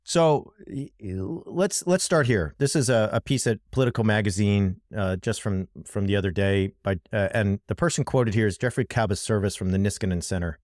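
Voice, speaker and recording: A man's voice: lowish voice, moderate pace, hardly any pauses, darkish tone, no echo, clean studio sound. A man co-hosting a podcast, talking through politics in an impassioned, emphatic way and speaking straight to his co-host. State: worked up. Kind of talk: casual political commentary.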